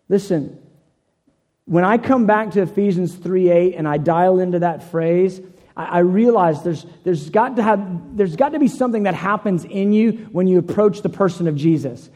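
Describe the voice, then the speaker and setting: A man's voice: sits high, darkish tone, long reverb tail. A man preaching a sermon, telling a personal story in an earnest way, often repeating and restarting phrases.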